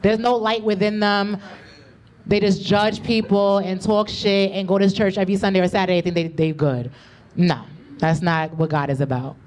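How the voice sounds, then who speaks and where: A woman's voice: medium pitch, little pitch movement, normal speed, a little mellow. A woman doing a stand-up comedy set with a loose, slangy, conversational delivery. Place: comedy club stage.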